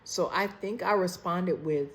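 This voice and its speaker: A young woman with a slightly low voice is speaking into her phone on a video call. She tells a story in a loose, candid, profane way and keeps calling her friend "girl" and "baby". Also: measured pace. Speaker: storytime vlogger.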